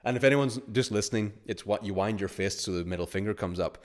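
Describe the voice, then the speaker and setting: A man's voice: on the low side, fast talker. A man hosting a live course webinar, talking casually in rambling anecdotes, reading out chat comments and sometimes swearing. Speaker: course host.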